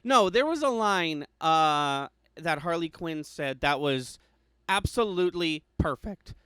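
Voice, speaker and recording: A man's voice: on the high side, lively intonation, measured pace, fairly bright tone, clean tone, dry recording. A man co-hosting a podcast, chatting casually about a movie and rambling with many restarts and fillers. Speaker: podcast co-host.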